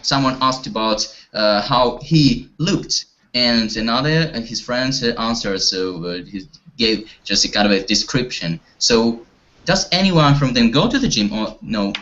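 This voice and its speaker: A man's voice: medium pitch, unhurried, fairly bright tone. A man teaching an online English class, talking hesitantly with many fillers and restarts. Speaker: language teacher. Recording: dull lo-fi audio.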